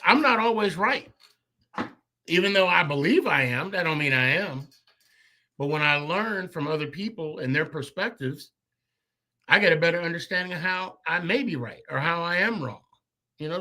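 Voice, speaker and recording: A man hosting a sports fan podcast, closing the show with loose, rambling thank-yous and shout-outs to listeners. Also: a little high. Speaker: podcast host. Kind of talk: casual sign-off chat.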